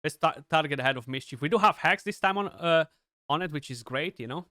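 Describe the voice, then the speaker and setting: A young man giving chatty, excitable live commentary on his gameplay, with many restarts and fillers. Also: a little high, brisk, dry recording, studio quality. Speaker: gaming streamer.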